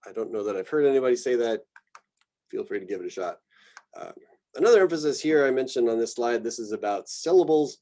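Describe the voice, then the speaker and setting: An American man lecturing on botanical names, relaxed and thinking aloud with many fillers. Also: mid-range voice, fast talker. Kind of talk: recorded slide presentation.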